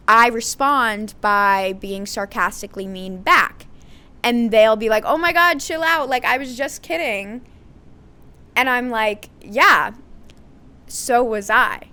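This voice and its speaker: A woman's voice: fairly high pitch, fairly bright tone. A young American woman hosting a solo podcast, talking candidly and thinking aloud with frequent ums and likes. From United States. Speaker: podcast host.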